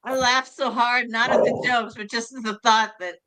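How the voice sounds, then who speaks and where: A woman's voice: a little high, steady tone, moderate pace, sharp tone. A middle-aged woman co-hosting a humor show, telling jokes in a rambling, self-amused way with many restarts. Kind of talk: casual joke-telling chat.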